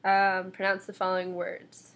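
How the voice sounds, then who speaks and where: A woman's voice: mid-range voice, monotone, moderate pace, a bit bright. Playful young woman. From New York City. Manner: playful, giggly, mimicking accents. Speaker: video co-host. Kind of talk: casual accent challenge chat.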